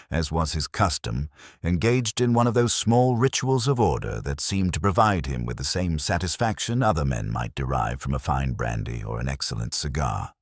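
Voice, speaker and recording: Very deep-voiced male storyteller. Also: no room sound, clean studio sound. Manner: measured, formal first-person telling. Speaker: narrator. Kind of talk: scripted storybook narration.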